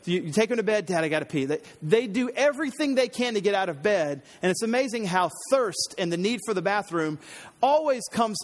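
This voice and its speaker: A man in his thirties preaching a sermon, telling a family story in an animated way and acting out the voices. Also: high voice, a little fast. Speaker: pastor. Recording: long hall reverb.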